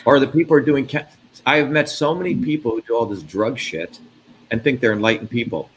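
A man's voice: medium pitch, fairly quick, slight background noise. A man hosting an interview from India, ranting angrily and emphatically with lots of swearing. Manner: profane, angry, emphatic ranting. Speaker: host. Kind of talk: heated interview talk.

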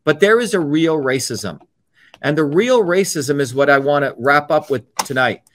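A man's voice: a little high, lively intonation, moderate pace, fairly bright tone, a little hiss or hum. A man from India delivering an impassioned, combative monologue, hammering his points through repetition. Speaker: speaker giving a political talk.

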